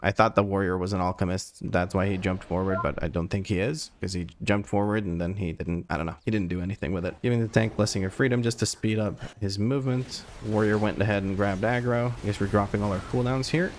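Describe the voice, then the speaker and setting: A man with a fairly low voice narrates his own gameplay as it happens. He calls out moves, swears freely and pokes fun at his own mistakes. Faint game noise sits behind him. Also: steady tone. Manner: rapid play-by-play, swearing, self-deprecating. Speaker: gameplay commentator. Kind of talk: live gameplay commentary.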